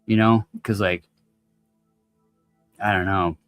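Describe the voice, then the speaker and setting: A man's voice: on the low side, steady tone, takes it slowly, fairly bright tone, smooth, no echo, studio quality, soft background music. A man telling a long story in casual chat, laid-back and slangy, swearing freely.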